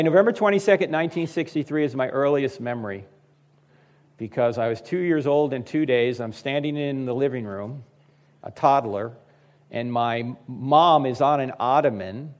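A man's voice: medium pitch, moderate pace. A man in his fifties giving a humorous talk to a live audience. He addresses the crowd directly and acts out the voices of people in his stories. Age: 50s. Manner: animated storyteller who acts out quoted voices. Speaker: public speaker.

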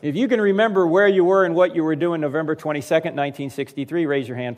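Animated man in his fifties. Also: a little high, fast. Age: 50s. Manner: animated storyteller who acts out quoted voices; joking, addresses the audience directly. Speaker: public speaker. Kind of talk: humorous talk to a live audience.

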